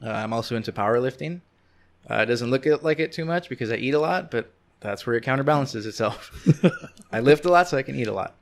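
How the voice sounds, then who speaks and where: A young man with a medium-pitched voice talks fast with lively intonation and vocal fry. He's a guest on a casual podcast, chatting and telling stories in an open, easygoing way.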